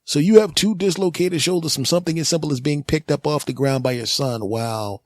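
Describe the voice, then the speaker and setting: A man voicing a nosy, skeptical ambulance paramedic with snarky, drawn-out remarks. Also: fairly high pitch, no echo, studio quality, voice pushed up, natural voice.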